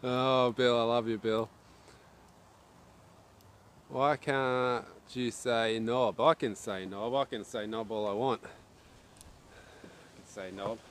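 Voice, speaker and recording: Outdoors at a windy archery range, a man hosts a casual live stream, chatting, joking, and reading viewer messages aloud. His voice is medium-pitched with fairly even intonation, and he speaks slowly with long pauses, with wind noise in the background.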